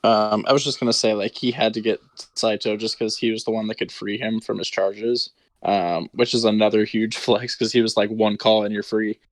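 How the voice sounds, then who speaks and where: Podcast co-host, low male voice, easygoing, dry sound. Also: steady tone, a little fast, no room sound. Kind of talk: casual podcast chat.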